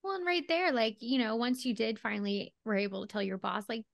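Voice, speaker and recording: A woman co-hosting a podcast, talking in animated, empathetic casual chat full of fillers. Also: on the high side, brisk, creaky, no room sound, studio quality. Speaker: podcast co-host.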